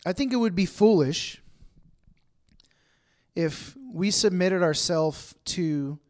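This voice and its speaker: Brief: male pastor, light higher voice, casual sermon to a congregation, acts out everyday exchanges. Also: takes it slowly. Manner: chatty, acts out everyday dialogue in asides. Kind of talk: conversational sermon. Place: room with a congregation.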